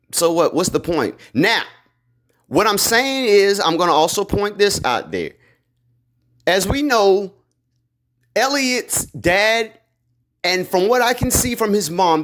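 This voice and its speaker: A man talking through a TV episode in a loose, excited vlog style. He uses a lot of slang, rambles, and fills his pauses with ums. His voice sits a little higher than most men's. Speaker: video creator recapping a TV episode. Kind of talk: casual theory recap vlog.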